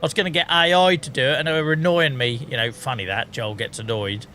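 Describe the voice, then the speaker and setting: Mid-range in pitch, fast and sharp with fairly even intonation, this man's voice carries slight background noise. He's a British gaming streamer in casual live-stream chat, ranting and often laughing at his own jokes in British English.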